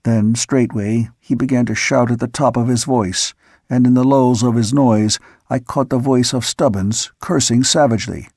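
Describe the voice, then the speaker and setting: Gravelly male audiobook narrator. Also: mid-range voice, fairly even intonation, a little mellow, dry recording, studio quality. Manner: measured storytelling. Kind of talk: scripted narration.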